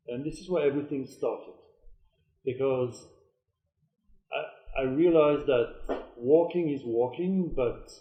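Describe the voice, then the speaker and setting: A middle-aged man speaking English with a strong southern French accent. He talks slowly and hesitantly, and his sentences often trail off softly. His voice sits at an ordinary pitch in a roomy, echoing space. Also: muffled recording. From southern France. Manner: unhurried, hesitant with many ums, soft trailing endings. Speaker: guest wine consultant. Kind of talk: casual podcast interview.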